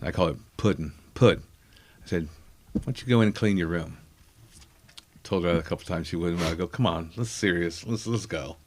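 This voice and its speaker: A man's voice: low voice, moderate pace, long pauses, a little mellow. Middle-aged man spinning rambling anecdotes. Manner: rambling, self-deprecating anecdotes, acting out quotes. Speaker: comedian guest. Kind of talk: casual storytelling chat.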